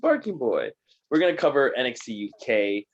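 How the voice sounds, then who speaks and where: A man's voice: mid-range voice, expressive, quick pace. A man co-hosting a casual podcast, giving dry, wry commentary. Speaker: podcast co-host. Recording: dull lo-fi mic.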